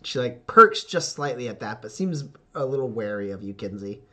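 A man's voice: medium pitch, lively intonation, normal speed, pushed and bright. A man narrating a tabletop game as game master, in a casual, filler-heavy storytelling way.

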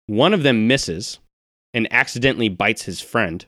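A man with a lowish voice narrates a tabletop game as game master, describing attacks and gore in an easygoing tone. The sound is dry and close, with no room around it. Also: normal speed, no room sound. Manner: relaxed descriptive narration with casual table banter.

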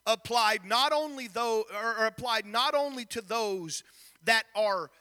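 A man delivers a sermon from a church pulpit. His voice sits very high and sounds bright and cutting as he reads scripture and throws questions at the congregation. A long reverb from the hall trails behind each phrase. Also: unhurried. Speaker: pastor. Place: church sanctuary.

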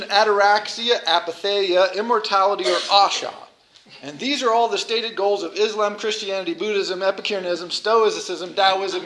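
A man giving an informal lecture in a chatty, animated way, with self-deprecating asides. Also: high voice, roomy sound, a little hiss or hum, low-quality recording.

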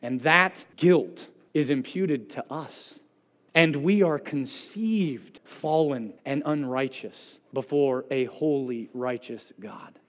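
A man preaching a sermon. He talks earnestly, pushing his voice up to stress a point and dropping it low to close one. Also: takes it slowly. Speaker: pastor. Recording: long reverb of a church hall.

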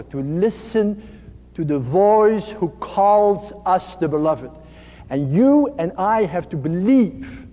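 A man giving a slow, earnest sermon as a priest, dropping to a soft hush on key phrases. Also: high-pitched. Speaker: priest and spiritual speaker. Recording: dull lo-fi archive recording in a reverberant hall.

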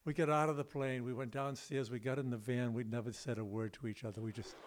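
A man telling a personal story on stage at a live storytelling event, animated and imitating sounds with his mouth. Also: medium pitch, fast, heavy background noise.

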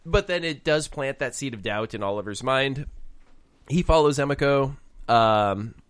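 A laid-back podcast co-host in casual chat who moves into recapping an episode. The pitch swings widely and animatedly from phrase to phrase. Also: lively intonation, measured pace, smooth.

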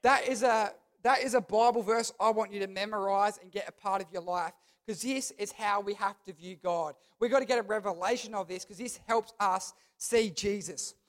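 High-voiced man preaching to a youth group. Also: fairly even intonation, moderate pace, few pauses. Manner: emphatic preaching with repeated phrases; talks to the crowd, asks them to repeat. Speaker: youth pastor. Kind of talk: sermon.

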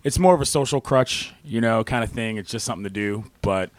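A man chatting as a guest on a live stage show, relaxed and rambling. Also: on the low side, brisk, no room sound. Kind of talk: casual on-stage conversation. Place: bookstore stage before an audience.

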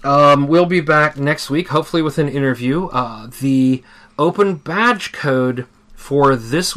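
A man's voice: on the high side, a little slow, fairly bright tone. A man hosting a podcast in casual chat, rambling with many fillers and restarts. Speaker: podcast host.

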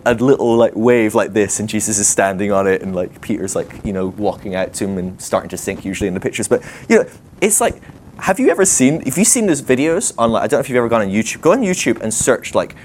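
Man, guest preacher, casual sermon, lively asides, talks to the room. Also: medium pitch, slight background noise. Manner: animated, chatty, full of asides and rhetorical questions. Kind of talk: conversational sermon. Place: teaching session before a live group.

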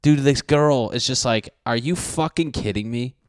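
A young man reacting to a dating show clip in crude, excitable commentary, often swearing and acting out what people are thinking. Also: medium pitch, moderate pace, slight background noise. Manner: excitable, swearing, mock-narrating others' thoughts.

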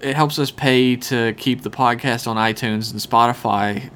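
A man's voice: mid-range voice, fairly even intonation, moderate pace, fairly bright tone, clean tone. A man co-hosting a podcast, talking casually with crude swearing, rambling and laughing. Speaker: podcast co-host.

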